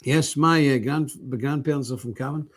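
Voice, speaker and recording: A man's voice: medium pitch, normal speed. An older man hosts a casual livestream, chatting in a rambling way and greeting viewers by name. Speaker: livestream host. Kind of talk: casual livestream chat with scripture reading. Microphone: phone camera.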